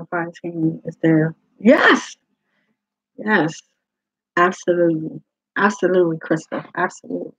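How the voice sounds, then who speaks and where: A woman's voice: fairly low pitch, fairly even intonation, unhurried, pauses often, slightly rough, dry recording. A woman life coach speaking to her group in a live talk, emphatic and repeating her phrases for weight. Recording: dull lo-fi sound.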